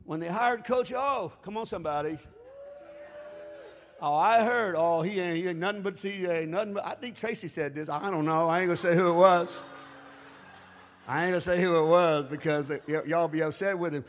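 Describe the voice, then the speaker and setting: High-voiced, shouting preacher. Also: male voice, normal speed, in a large hall, soft background music. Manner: impassioned preaching, swinging between shouting and quiet asides. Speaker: pastor. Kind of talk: sermon. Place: church.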